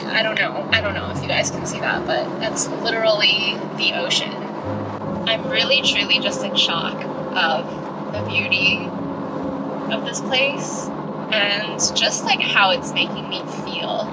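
A woman's voice: medium pitch, unhurried, heavy background noise. Woman travel vlogger, casual and gushing, talking from the driver's seat; mid-range voice. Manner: giddy and emotional, gushing. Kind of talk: casual vlog talk to camera. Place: in a car while driving.

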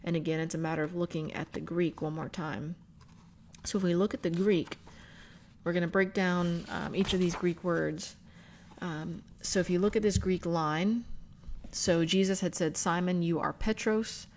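Woman walking through greek words in a bible verse, lowish voice, careful and explanatory. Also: fairly even intonation, normal speed, a little mellow, a little hiss or hum. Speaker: book club leader. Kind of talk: scripture study talk.

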